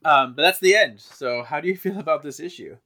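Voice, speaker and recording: A man's voice: on the high side, animated, a little fast, sharp tone. A man co-hosting a podcast, chatting enthusiastically with lots of laughter. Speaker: podcast co-host. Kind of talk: casual chat.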